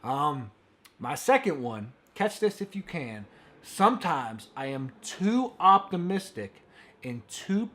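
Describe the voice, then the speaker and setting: Young man, higher voice, joking host. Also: fairly bright tone. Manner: joking, teasing, laughs often. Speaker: podcast host. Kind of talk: casual chat.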